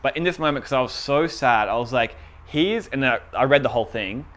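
A young man in a relaxed chat, his voice sitting at an ordinary mid pitch. He tells stories about himself in a chatty, self-deprecating way and breaks into laughter often. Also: brisk. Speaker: podcast co-host. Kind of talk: casual chat.

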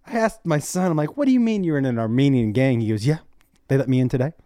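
A man's voice: mid-range voice, fast, no echo, clean studio sound. A middle-aged man, a comedian guesting on a podcast, telling family stories in a casual chat and acting out every line of quoted dialogue. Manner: animated storyteller who acts out quoted dialogue.

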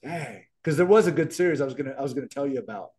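A man's voice: mid-range voice, animated, racing, a little mellow, slightly rough. A middle-aged man co-hosting a podcast, chatting casually and rambling with many restarts. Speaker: podcast co-host. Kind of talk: casual chat.

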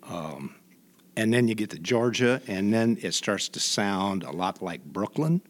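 A man from Indiana, a guest in an interview, telling stories in a halting way with many restarts. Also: on the low side, lively intonation. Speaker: guest, voice imitator. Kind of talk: reflective conversational storytelling.

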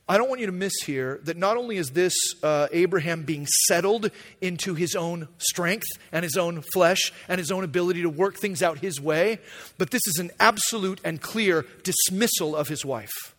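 A man preaching a sermon, animated, acting out paraphrased dialogue in a casual voice. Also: sits high, moderate pace, big-room sound. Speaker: pastor.

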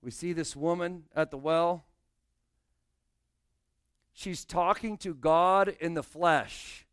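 A man's voice: a little high, slow pace, fairly bright tone, clean tone, dry recording, clean studio sound. A male pastor preaching a sermon, explaining scripture and speaking directly to his congregation.

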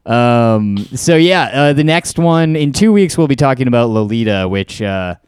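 A man's voice: medium pitch, expressive, moderate pace, a little mellow, clean tone. A man co-hosting a podcast, talking casually about films in a hesitant, easygoing way with many uhs and restarts. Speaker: podcast co-host. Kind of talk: casual film discussion.

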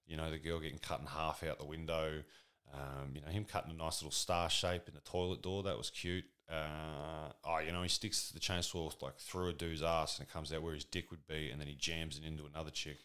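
Casting: low-voiced man, rambling, profane, sardonic comedy monologue. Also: flat delivery, brisk, fairly bright tone, clean tone. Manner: rambling, crude, sardonic, full of fillers.

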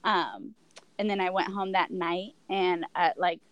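A woman's voice: lowish voice, unhurried, dry recording, lo-fi sound. Young woman telling a personal story. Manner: rambling, many fillers and restarts. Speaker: guest.

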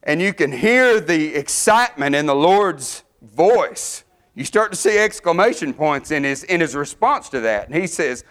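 A middle-aged man preaching a sermon, fervent, his voice climbing higher and louder as he builds. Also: very animated, moderate pace.

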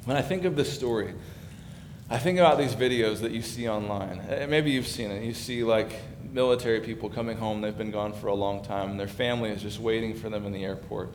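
A man giving a sermon as pastor, talking conversationally and building in emphasis. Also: fairly quick. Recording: echoey hall with faint background rumble.

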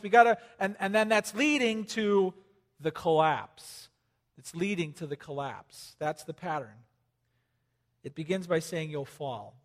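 High-voiced pastor preaching in a reverberant hall. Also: male voice. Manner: animated, conversational, swings from loud emphasis to quiet. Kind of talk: sermon. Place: church hall with congregation.

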